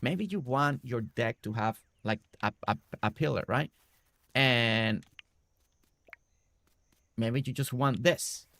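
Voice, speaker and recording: Gravelly-voiced man explaining a game build. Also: medium pitch, slow pace, pauses often, a bit bright, dry recording. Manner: explains step by step, often adding "right?". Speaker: game streamer. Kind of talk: casual building tutorial commentary.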